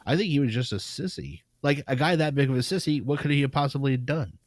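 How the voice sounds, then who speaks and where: A man co-hosting a podcast, reviewing a movie in casual chat, animated and laughing often, with casual swearing. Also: medium pitch, fast, no echo, clean studio sound. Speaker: podcast co-host.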